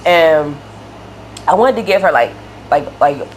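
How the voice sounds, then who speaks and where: Low-voiced young woman rambling while gaming. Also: expressive, unhurried, a little hiss or hum. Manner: rambling storyteller, many fillers and laughs. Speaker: game streamer building a house. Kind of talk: casual chat while playing.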